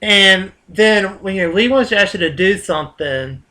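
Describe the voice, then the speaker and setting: A man's voice: sits high, animated, moderate pace, pushed and bright. A man with a Southern US accent, rambling casually in a vlog monologue, chatty and full of fillers and restarts. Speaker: vlogger.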